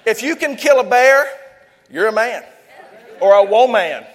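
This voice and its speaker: A man's voice: high-pitched, lively intonation, a little slow, a faint crowd, a little hiss or hum. A man with a South Louisiana accent preaching a sermon as pastor, fervent and leading call-and-response. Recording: echoey hall, long reverb.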